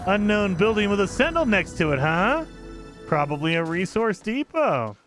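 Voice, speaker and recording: Chatty higher-voiced man streaming a game. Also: big pitch swings, moderate pace, fairly bright tone, faint music behind. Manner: rambling, loose commentary with frequent restarts. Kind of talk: casual live-stream chat.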